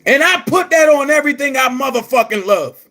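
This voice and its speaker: A man delivering a heated, profane rant to his viewers, shouting at times. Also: very high-pitched, lively intonation, fairly quick, gravelly. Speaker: commentary vlogger. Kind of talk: angry rant to camera.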